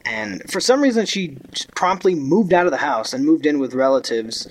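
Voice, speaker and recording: A man's voice: on the high side, sing-song, moderate pace, poor audio. Joking, foul-mouthed man co-hosting a podcast. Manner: crude, joking, swears freely. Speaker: podcast co-host. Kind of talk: casual true-crime podcast chat.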